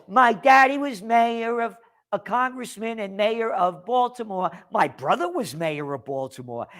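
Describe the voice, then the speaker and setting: A man putting on a higher, sneering voice to mock a boastful, wealthy older woman politician. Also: creaky, fairly bright tone, heavily acted. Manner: mocking, sneering impression.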